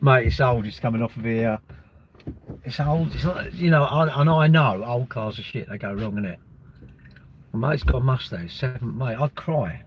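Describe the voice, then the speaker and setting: A man chats casually on his livestream, rambling from one thing to the next with jokes and offhand swearing. His voice is husky and slightly rough, with a mid-range pitch. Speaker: livestream host reading chat. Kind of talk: casual chat.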